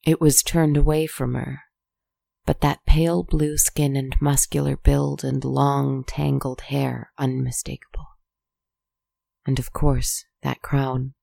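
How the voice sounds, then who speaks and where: Calm creaky storybook narrator. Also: mid-range voice, no echo. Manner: calm, measured, softly spoken.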